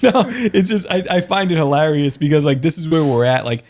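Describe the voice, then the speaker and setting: A man co-hosting a podcast in casual chat, cracking dry, deadpan jokes. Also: on the high side, brisk. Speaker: podcast co-host.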